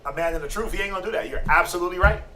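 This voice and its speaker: A man giving a casual, slangy sermon-style Bible teaching, animated and conversational. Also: high-pitched, rapid-fire. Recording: roomy, distant mic, faint noise.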